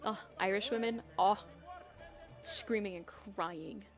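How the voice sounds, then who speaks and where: A woman's voice: medium pitch, slow, soft background music. A young woman streaming a video game, chatting with her viewers in a rambling, casual way and often losing her train of thought. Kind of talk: casual live-stream chat while gaming.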